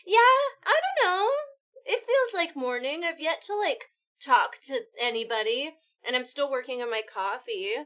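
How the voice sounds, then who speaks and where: This high-pitched woman is live-streaming, chatting easily with her audience; she's bubbly and eager, firing off quick thanks whenever someone donates.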